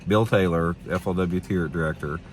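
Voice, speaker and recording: A middle-aged man, a professional bass angler, telling a story to camera in a rambling, blunt, opinionated way, repeating his words. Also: fairly even intonation, normal speed, slight background noise.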